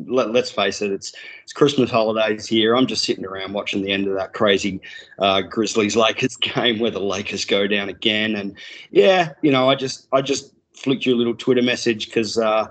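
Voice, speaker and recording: A man from Australia with an Australian accent, joking around as a guest on a podcast in casual chat. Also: medium pitch. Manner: jokey, relaxed, stammering restarts.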